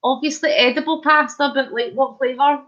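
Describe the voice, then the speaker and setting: A woman's voice: high voice, steady tone, normal speed, a bit bright. A woman vlogger chatting casually on a home live stream, answering comments, giggly and hyper. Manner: chatty and giggly, laughing often. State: hyper and wide awake. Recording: slightly muffled lo-fi stream audio.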